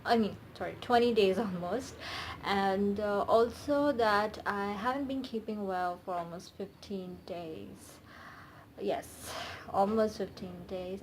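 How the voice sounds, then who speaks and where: Gushing, slow-talking young woman vlogger. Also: medium pitch, slight background noise. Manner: gushing, squealing with delight, breathy asides. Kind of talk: excited unboxing vlog.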